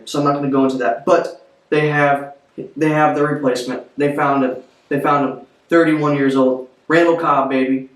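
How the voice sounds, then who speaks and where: Blunt, opinionated man in an echoey room. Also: a little high. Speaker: sports vlogger. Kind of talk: opinionated football commentary. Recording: roomy echo, distant from mic.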